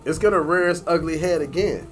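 A man in casual chat, talking in an animated, profane way and mimicking voices when he quotes people. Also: on the high side, a little fast, soft background music.

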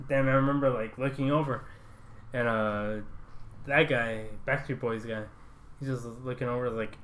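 A man chatting casually and telling a story, relaxed, with lots of "like" fillers. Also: medium pitch, moderate pace, a little hiss or hum. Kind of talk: casual chat.

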